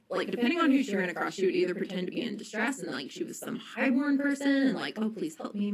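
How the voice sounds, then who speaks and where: A woman's voice: medium pitch, rough recording. A young woman telling a history story on a casual podcast, chatty and full of ums and likes.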